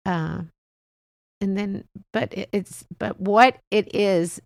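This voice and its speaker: A woman's voice: lowish voice, measured pace, vocal fry, dry recording, studio quality. A woman in her sixties hosting a solo podcast, talking in a rambling, heartfelt way with frequent small chuckles. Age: 60s. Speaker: podcast host. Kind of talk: casual solo podcast monologue.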